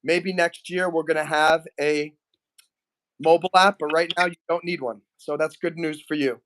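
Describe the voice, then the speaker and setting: A man's voice: fairly high pitch, fairly even intonation, moderate pace, a bit bright. A man hosting a casual livestream, joking playfully and reading out chat comments. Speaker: livestream host.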